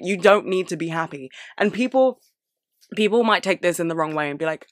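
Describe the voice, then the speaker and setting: A young woman speaking candidly to camera, frank and sweary, with animated outbursts. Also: on the low side, brisk, dry recording, clean studio sound. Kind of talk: candid personal monologue.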